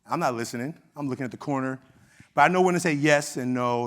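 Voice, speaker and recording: A man's voice: mid-range voice, fast, fairly bright tone. A middle-aged man with an Oakland accent giving a keynote speech, telling a personal story in a conversational way and acting out quoted dialogue. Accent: Oakland, California. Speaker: keynote speaker. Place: conference hall stage.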